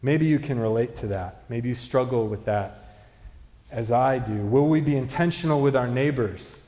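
A man preaching in a church, earnest and steady, his voice building into emphatic repeated questions. Pitch sits in a middle range, and his words ring out with a long, roomy reverb. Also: moderate pace. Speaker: pastor. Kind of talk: sermon. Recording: echoey hall, reverberant.

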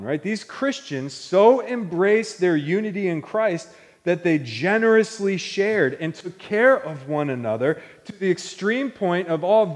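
A man preaching a sermon, earnest and building to fervent proclamation. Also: high voice. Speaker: pastor. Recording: long hall reverb.

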